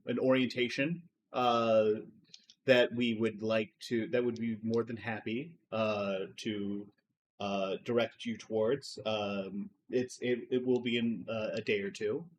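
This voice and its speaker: A man's voice: fairly low pitch, natural voice. A man voicing a nervous, sweating male company recruiter who stammers and keeps losing his train of thought.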